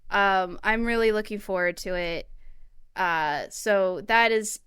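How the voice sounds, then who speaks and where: A woman's voice: mid-range voice, slow pace, fairly bright tone, clear, resonant tone, no room sound, clean studio sound. A woman co-hosting a casual gaming podcast, ranting with heavy profanity. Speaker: podcast co-host. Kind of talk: casual chat.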